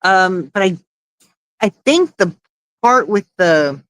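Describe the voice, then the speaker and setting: A woman's voice: medium pitch, animated, slow, fairly bright tone. A woman hosting a casual livestream, chatting and reading out viewer comments, laughing often and swearing casually. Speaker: livestream host.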